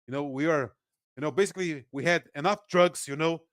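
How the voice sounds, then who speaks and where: Animated Brazilian man, slightly high voice. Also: a little fast, dry recording, studio quality. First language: Portuguese. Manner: animated, laughs often, restarts sentences. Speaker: guest political analyst. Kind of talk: casual podcast interview.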